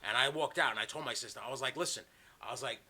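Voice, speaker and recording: A man hosting a podcast from home, telling a long story in a casual, animated way with plenty of swearing. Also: mid-range voice, racing, poor audio. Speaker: podcast host. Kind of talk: casual chat. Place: home, video call. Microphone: remote call mic.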